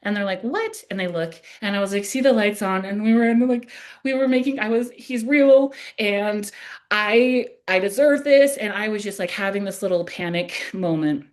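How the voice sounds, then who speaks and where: A young adult woman hosting a podcast, telling a personal story in a casual, animated way, laughing at herself often. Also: mid-range voice, fast.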